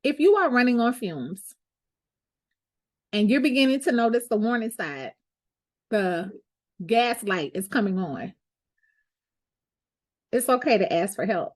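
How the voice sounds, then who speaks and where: A woman's voice: fairly high pitch, expressive, measured pace, pauses often. A woman, a lawyer hosting her own show, sharing a candid, heartfelt personal reflection in a conversational way.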